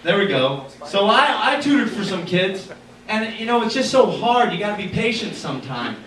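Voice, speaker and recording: This young man's voice sits high and fairly bright as he works through a very animated open-mic stand-up set at a moderate pace. He rambles, mocks himself, and keeps saying "anyways" and other fillers. It's captured in an echoey small art gallery by a distant camera, with room noise audible.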